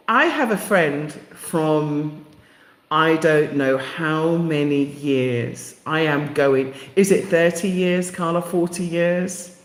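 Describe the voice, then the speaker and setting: A woman's voice: deep voice, slow. A middle-aged woman hosting a casual live stream, effusive and talking straight to her viewers by name. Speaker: livestream host. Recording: echoey room with long reverb.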